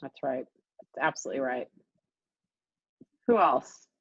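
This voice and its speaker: A woman's voice: rumbling low, lively intonation, measured pace, creaky, slightly rough, no room sound, muffled recording. A woman real estate coach leading a group coaching call, speaking emphatically and repeating points for stress, over a video call.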